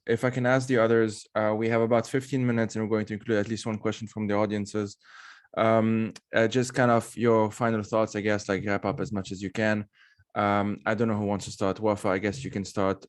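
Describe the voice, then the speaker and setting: A man moderating a panel discussion in a relaxed, loosely phrased way. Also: on the low side.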